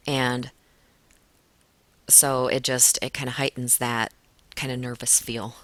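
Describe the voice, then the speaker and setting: A woman teacher talking a class through a poem in a relaxed way, with frequent fillers. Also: rumbling low, takes it slowly, no echo. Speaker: English teacher. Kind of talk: recorded classroom lesson walkthrough.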